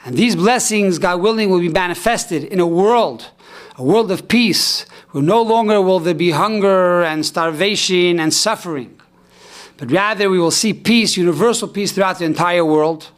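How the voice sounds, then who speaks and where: A middle-aged man, a rabbi telling a story in a sermon with emphatic, slowing cadences. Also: high-pitched. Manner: storytelling, rising to emphatic cries and slowing for solemn lines. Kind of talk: sermon on the weekly Torah portion.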